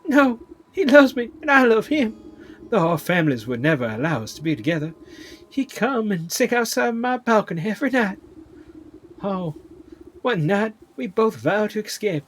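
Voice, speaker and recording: A man voicing a weeping, lovesick young maiden in a melodramatic high voice. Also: sing-song, normal speed, a little hiss or hum. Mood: wistful.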